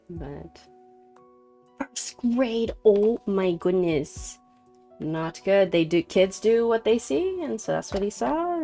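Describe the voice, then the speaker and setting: Chatty woman streamer with gravelly voice. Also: mid-range voice. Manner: chatty, greets viewers warmly by name, laughs often. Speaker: streamer doing card readings. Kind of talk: casual live-stream chat.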